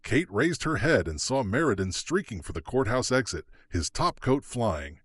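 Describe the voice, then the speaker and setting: A man's voice: mid-range voice, big pitch swings, moderate pace, a bit bright, slightly rough, no echo, clean studio sound. A man narrating an audiobook thriller dramatically, his pacing shifting with the action. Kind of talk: scripted narration.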